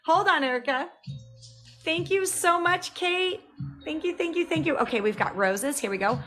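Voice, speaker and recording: A woman's voice: high voice, expressive, moderate pace, a bit bright, rough recording. A woman livestreaming a casual drawing tutorial. She explains each step aloud and chats with viewers, thanking them by name. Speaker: livestreaming cartoon artist. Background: music playing.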